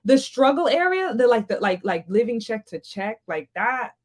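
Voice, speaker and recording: A woman's voice: a little high, big pitch swings, normal speed. A woman podcast host, interviewing a friend in an enthusiastic, casual way full of fillers. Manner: enthusiastic, filler-heavy, laughs along.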